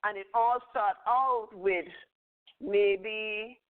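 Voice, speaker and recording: A woman's voice: mid-range voice, fairly even intonation, extremely slow. Older woman, rambling storyteller with a chuckle; phone-quality audio. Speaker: spiritual teacher. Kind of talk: casual teaching talk. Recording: tinny phone-line audio.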